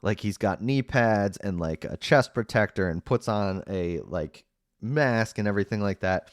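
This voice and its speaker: Low-voiced man rambling through a recap. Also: animated, unhurried, no room sound, clean studio sound. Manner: rambling, heavy on "like" fillers, wry and sarcastic asides. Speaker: podcast host recapping a movie. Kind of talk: casual spoken recap.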